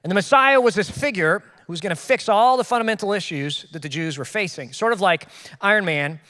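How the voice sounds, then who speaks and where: A young man with a high voice preaching a sermon in a relaxed, conversational way and acting out the people in his story. His voice rings with the long reverb of a church hall. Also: a little fast. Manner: casual, conversational preaching with acted-out quotes. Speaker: pastor.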